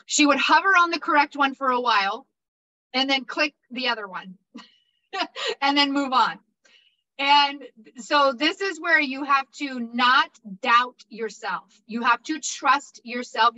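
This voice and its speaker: Casting: high-pitched, bright woman, upbeat casual instructor, lo-fi recording. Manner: upbeat, repetitive, checks in with 'okay?'. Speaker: insurance exam prep instructor. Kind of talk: casual motivational teaching.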